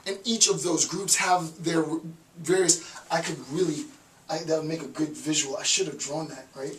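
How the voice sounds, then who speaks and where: A man with a fairly high voice lectures off the cuff, often tagging his points with "right?" and restarting sentences. He is heard from some distance in a roomy, echoing space, with a faint hiss underneath. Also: steady tone, moderate pace. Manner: rambling, frequent "right?" tag questions, restarts. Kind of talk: informal recorded lecture.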